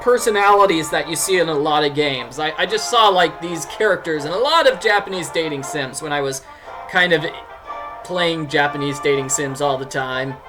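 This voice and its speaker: A man's voice: a little high, normal speed, over music, poor audio. A man giving casual, rambling let's-play commentary as a streamer and game writer. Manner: rambling, many fillers and restarts.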